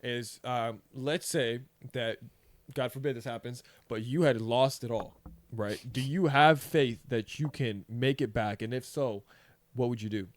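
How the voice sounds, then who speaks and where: A man's voice: medium pitch, a little slow. A man hosting a podcast interview, chatty and encouraging, peppering his talk with "you know" and "man". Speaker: podcast host.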